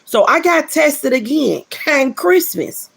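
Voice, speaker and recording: Middle-aged woman, a fry in her voice, giving an earnest, casual spiritual testimony. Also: sits high, very animated, takes it slowly, a bit bright. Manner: earnest, repeats phrases for emphasis, addresses listeners directly.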